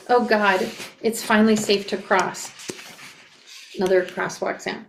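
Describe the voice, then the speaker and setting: A young woman reading a memoir aloud and reacting to it, expressive and flustered as she re-enacts the narrator. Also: mid-range voice, measured pace, gravelly, long pauses, slight background noise. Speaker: reader and reaction creator. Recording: echoey room.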